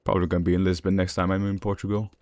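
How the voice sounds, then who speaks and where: Man, Eastern European accent, lowish voice, casual gameplay commentary, rambling with chuckles. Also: level tone, racing, a little mellow, no room sound. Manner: rambling, chatty, with frequent fillers and chuckles. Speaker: gaming streamer.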